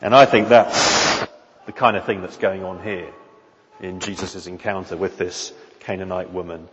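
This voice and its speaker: A man's voice: deep voice, fairly even intonation, moderate pace, noisy background. Man pastor, earnest sermon, long hall echo, dull lo-fi recording. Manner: earnest, emphatic repetition and frequent restarts.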